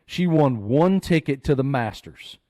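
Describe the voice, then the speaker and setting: A man hosting a podcast, telling a story in an earnest, animated way. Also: mid-range voice, a little slow. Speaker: podcast host. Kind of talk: storytelling chat.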